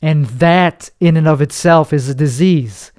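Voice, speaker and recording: A man's voice: a little high, unhurried, darkish tone, no room sound, clean studio sound. A man hosting his own podcast from his bedroom, with a nasal voice, rambling through a crude, self-deprecating comedy monologue. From United States. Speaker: podcast host.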